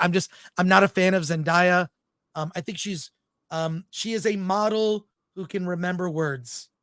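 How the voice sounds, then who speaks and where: A man's voice: high voice, dry recording. Dry-voiced, opinionated male film podcaster. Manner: opinionated, animated, reads out live chat comments. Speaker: podcast co-host. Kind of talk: casual film review chat.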